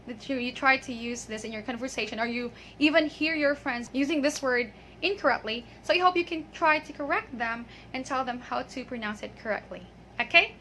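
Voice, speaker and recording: A young woman giving an upbeat English pronunciation lesson, often saying okay and slowing down to drill words. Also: high voice, pushed and bright, slight background noise. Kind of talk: casual video lesson.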